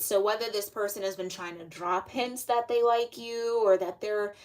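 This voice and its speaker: A young woman giving a casual, rambling tarot reading, talking loosely with lots of fillers. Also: medium pitch. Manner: chatty, filler-heavy, loose and conversational. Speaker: tarot reader.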